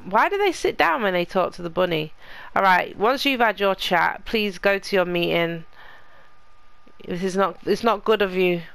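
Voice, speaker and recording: A woman's voice: medium pitch, expressive, moderate pace, creaky, fairly bright tone, clear, resonant tone, dry recording. A woman hosting a let's play, chatting casually to the characters in her game as she plays. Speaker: gaming channel host.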